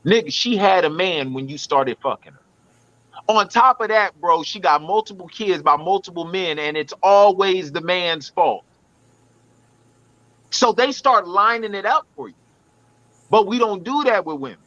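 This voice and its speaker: A man with a high, bright, forceful voice lays out his argument on a podcast in a blunt, preachy way, swearing freely. The sound is dry and a little dull. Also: lively intonation, moderate pace, no echo. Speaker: podcast co-host. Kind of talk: casual podcast debate.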